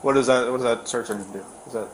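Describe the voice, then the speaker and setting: A man, a sheriff's deputy, questioning people calmly with short acknowledgments. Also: mid-range voice, fast talker. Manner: calm, repeats short acknowledgments. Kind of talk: police questioning. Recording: noisy body camera audio.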